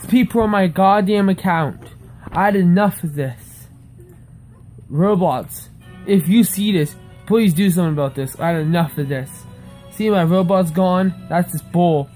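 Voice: mid-range voice, darkish tone. A young speaker ranting angrily and pleading over and over, saying "beep" in place of swear words. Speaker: upset player. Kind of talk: angry rant to camera.

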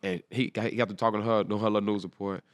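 Speaking at a racing pace in a fairly low voice, a young football player in his twenties earnestly tells an emotional story in a casual interview. He animatedly acts out each person's lines, recorded dry at studio quality.

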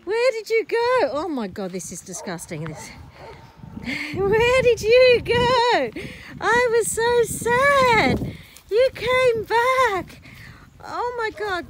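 A woman's voice: fairly high pitch, a bit bright, a little hiss or hum. A woman filming on her phone outdoors in a muddy paddock, gushing and laughing in disbelief as she talks. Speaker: horse owner. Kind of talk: excited casual vlog. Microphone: handheld phone camera.

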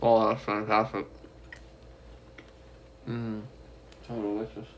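A man's voice: on the low side, slow pace, muffled recording, a little hiss or hum. Rambling young man vlogging at home. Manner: relaxed, rambling, teasing. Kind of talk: casual vlog chat. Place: student apartment at home.

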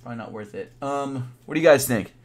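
A man's voice: medium pitch, fast. Laid-back young man rambling on stream. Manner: laid-back, rambling, thinking aloud with fillers. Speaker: sneaker YouTuber live streaming. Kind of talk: casual live-stream chat.

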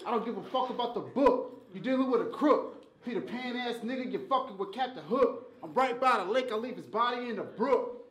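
A man battle rapping a cappella, loudly mocking his opponent at a live event. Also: high voice, roomy sound, low-quality recording. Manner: loud, mocking delivery. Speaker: battle rapper.

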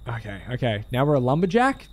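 A man's voice: medium pitch, very animated, quick pace, soft background music. A male streamer commenting live on a game, joking and swearing as he plays and thanks his chat.

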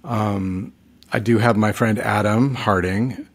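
Late at night, this middle-aged podcast co-host and touring musician sounds sleepy and fading, rambling casually until his words trail off. His voice sits on the low side, with fairly even intonation, a slow pace and a breathy edge.

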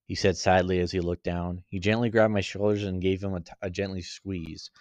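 Male amateur story reader, low, stumbling, dry recording. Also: steady tone, no echo. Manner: halting, with frequent stumbles and self-corrections. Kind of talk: reading a fan story aloud.

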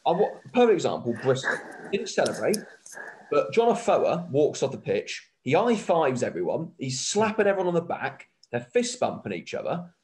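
A man co-hosting a rugby podcast, talking in an excitable, rambling way with many restarts. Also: fairly high pitch, moderate pace. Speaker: podcast co-host. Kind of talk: casual rugby chat.

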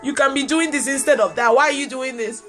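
A high-pitched woman preaches a livestreamed sermon in an earnest, personal way. She is middle-aged and repeats her points for emphasis. Soft music plays faintly behind her. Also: fast. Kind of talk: livestreamed sermon to online viewers.

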